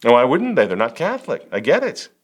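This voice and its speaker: A mid-pitched man delivers religious political commentary in an emphatic, preaching way. He leans on sarcasm and drops wry little laughs between points. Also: wildly swooping pitch, fast. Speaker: host.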